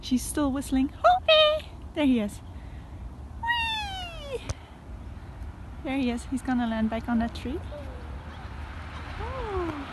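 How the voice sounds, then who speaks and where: A woman vlogging in an open park outdoors who calls out loudly and laughs often. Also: high-pitched, expressive, normal speed, long pauses, heavy background noise. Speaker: vlogger with a pet parrot. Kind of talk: casual outdoor vlog.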